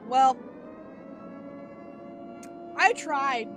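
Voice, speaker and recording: A woman's voice: high-pitched, animated, extremely slow, slight background noise. A woman giving let's play commentary on a horror game, panicky, laughing and screaming, repeating pleas over and over. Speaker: gamer. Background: game music.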